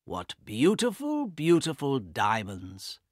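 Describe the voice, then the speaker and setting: A man voicing a greedy, cruel young man in a storybook, talking in a slow mocking drawl. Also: mid-range voice, wildly swooping pitch, no echo, studio quality, full character voice.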